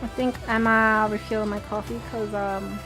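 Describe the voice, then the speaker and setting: A woman's voice: medium pitch, flat delivery, moderate pace. A woman hosting a live-stream watch party, chatting casually and answering viewer questions aloud. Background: faint background music.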